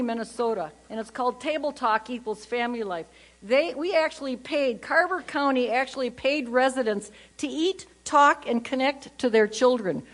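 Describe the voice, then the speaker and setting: An older woman speaks to a conference audience in a humorous, storytelling way. Her voice sits on the higher side, and she talks in a chatty manner, acting out family anecdotes as she goes. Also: normal speed.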